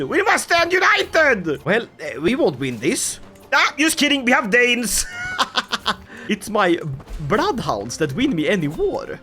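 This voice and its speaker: Animated, jokey gameplay commentator. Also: medium pitch. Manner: jokey, animated, playful asides. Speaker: gaming video creator.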